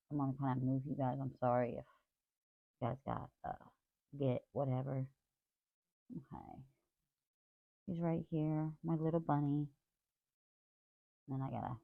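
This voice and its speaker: A woman's voice: rumbling low, vocal fry, no room sound. A woman craft vlogger rambling in a casual, apologetic chat about her week. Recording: tinny phone-like dry sound.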